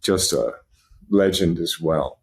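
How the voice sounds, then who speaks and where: A man's voice: deep voice, slow pace, husky. A man guest on a podcast, fondly reminiscing in a rambling, casual way with lots of fillers. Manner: rambling, fond, full of fillers.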